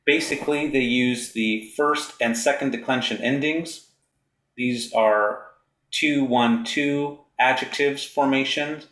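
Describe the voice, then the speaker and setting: A man teaching Greek grammar in a recorded lecture, slowly reciting word endings one by one. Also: mid-range voice, a bit bright, echoey room. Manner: slow, deliberate recitation of endings.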